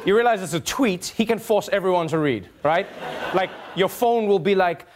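An animated male late-night host works through a stand-up monologue. His voice sits high for a man, and he keeps his delivery playful. A studio crowd laughs and cheers loudly behind him. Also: fast talker. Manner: animated, slips into mocking voices for quoted people. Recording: studio audience noise behind the voice. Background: studio audience laughing and cheering.

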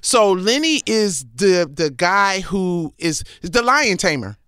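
A brash woman comedian swaps stories in a casual interview, swearing freely and boasting about herself. Her voice is bright and sharp. The sound is dry and close. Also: fairly low pitch, big pitch swings, takes it slowly, smooth, no room sound. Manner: brash, profane, boastful storyteller. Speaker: comedian, guest.

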